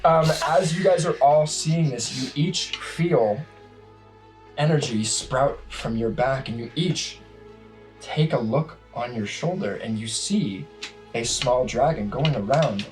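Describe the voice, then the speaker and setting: Male game master, unhurried, casual narration with fillers, faint music behind. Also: medium pitch, poor audio. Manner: slow, relaxed narration with filler words.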